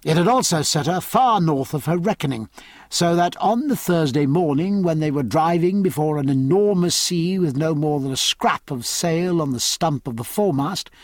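A man narrating a novel aloud in an expressive, measured storytelling manner. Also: fairly high pitch, dry recording. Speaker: audiobook narrator. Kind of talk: scripted narration.

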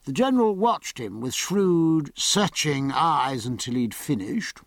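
A man narrating an audiobook in a measured, expressive storytelling manner. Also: a little high, no echo.

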